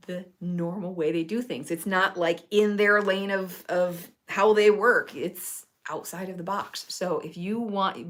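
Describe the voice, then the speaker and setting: A woman's voice: fairly low pitch, fairly bright tone. A woman herbalist giving casual advice in a chatty, earnest way, with frequent fillers and restarts. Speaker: herbalist host.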